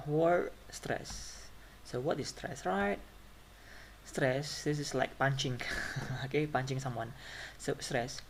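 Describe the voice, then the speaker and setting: Man teaching pronunciation. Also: mid-range voice. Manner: repeats example words slowly, checks with "right?". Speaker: phonetics teacher. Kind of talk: classroom lecture.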